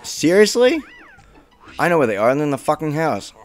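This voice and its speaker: Young guy playing a video game, cussing a lot, gets mad fast, faint music behind. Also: fairly high pitch, big pitch swings. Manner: frustrated, swears a lot, bursts into shouts. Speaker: let's play gamer. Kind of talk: casual gameplay commentary.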